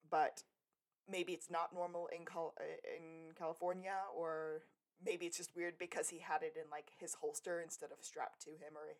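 A woman with a fairly low voice talks through an episode recap as a podcast co-host. She rambles casually and often corrects herself mid-sentence. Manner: chatty, rambling, self-correcting.

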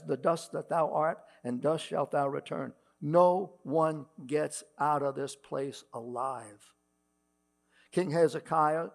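Gravelly-voiced man preaching a sermon. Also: a little high. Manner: preaching with rising emphasis, reading scripture aloud. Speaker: pastor. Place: church. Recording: mains hum in the background.

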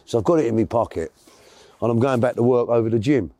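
A man's voice: medium pitch, fast, mellow, dry recording. A man, telling a long story as an interview guest in a rambling, chatty way, correcting himself as he goes. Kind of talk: casual storytelling.

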